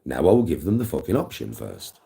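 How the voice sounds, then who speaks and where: A man's voice: a bass voice, very animated, a little fast, vocal fry, dark tone. A man livestreaming to his chat, talking intensely and emphatically with a lot of swearing.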